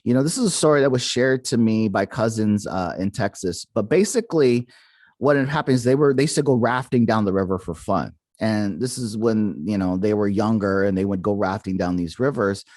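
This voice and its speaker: A man's voice: lowish voice, a little fast, darkish tone, no echo, clean studio sound. A man hosting a paranormal podcast, telling a folk tale in a casual, rambling way with many fillers and restarts. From Arizona. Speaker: podcast host. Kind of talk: casual storytelling.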